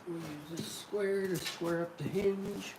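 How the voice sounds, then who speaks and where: A man casually talking to camera while building cabinets, rambling and swearing, with loud groans and outbursts. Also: sits high, steady tone, takes it slowly, very noisy. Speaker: woodworker vlogger. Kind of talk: casual workshop talk to camera.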